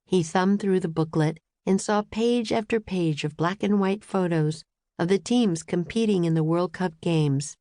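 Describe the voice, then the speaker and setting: A woman narrating a children's audiobook with clear storytelling, recorded close in a studio. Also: lowish voice, measured pace, warm tone, dry recording. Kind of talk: scripted narration.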